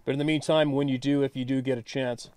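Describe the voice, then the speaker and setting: A man at an ordinary middle pitch hosts his own channel in a casual monologue. He talks bluntly and sounds frustrated, dropping the odd swear word as he addresses his viewers directly. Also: level tone, fast, darkish tone, no echo. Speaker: channel host.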